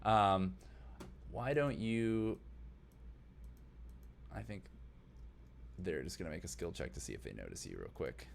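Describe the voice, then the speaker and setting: Deep-voiced man running a tabletop game. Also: lively intonation, measured pace, gravelly, long pauses, a little hiss or hum. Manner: loose, filler-heavy description. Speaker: game master.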